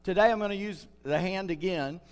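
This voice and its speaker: An older pastor preaches in a hall with long reverb, his voice sitting a little high for a man. He speaks earnestly and slows down to lean on the words that matter. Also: clean tone. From United States. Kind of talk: sermon.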